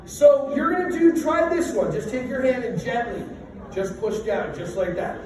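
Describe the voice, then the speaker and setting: Very high-pitched and sing-song, a middle-aged workshop leader guides a group through stretches at a moderate pace, full of playful, self-deprecating jokes. Background noise accompanies the echoey large-room recording from a far-off microphone.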